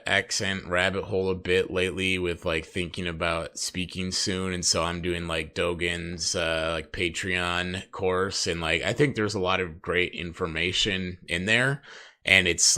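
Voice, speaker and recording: A male interview host with a fairly low voice. His tone is strikingly bright and sharp, and he talks in a loose, rambling way, full of "like" and "uh". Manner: casual, rambling, filler-heavy with "like" and "uh". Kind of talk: casual interview chat.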